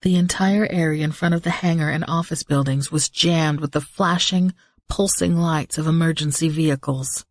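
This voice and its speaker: A woman reading a first-person audiobook in a tense, measured storytelling manner, close to the mic. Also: deep voice, fairly even intonation, no room sound. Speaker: audiobook narrator.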